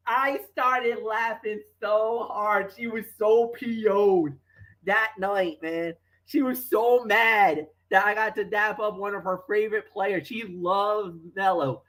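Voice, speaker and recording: Sports talk co-host, casual chat, rambling storyteller, mid-pitched voice, gets loud when excited. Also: slow, rough recording. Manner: chatty, rambling with fillers and restarts.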